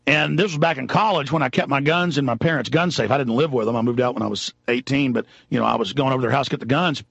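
A man in his thirties hosting a talk radio show, ranting fast and heatedly. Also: medium pitch, gravelly, fairly bright tone, slightly rough, dry recording. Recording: dull lo-fi broadcast audio.

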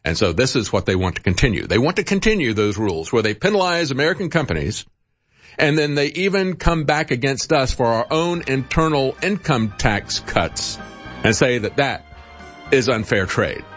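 Indignant talk-radio man, lively delivery. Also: mid-range voice, moderate pace, soft background music. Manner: animated, indignant, sarcastic. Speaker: radio host. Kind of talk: political commentary monologue.

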